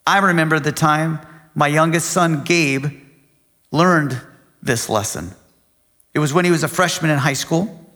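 A middle-aged man preaching a sermon, telling a personal story with animated delivery and acting out heated quotes. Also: fairly high pitch. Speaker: pastor. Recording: long reverb of a large hall.

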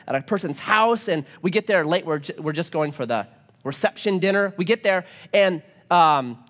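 A male pastor in his thirties delivers a sermon with an animated, swooping delivery. He drops into quick back-and-forth dialogue as he tells a story, with his pitch rising and falling all the way through.

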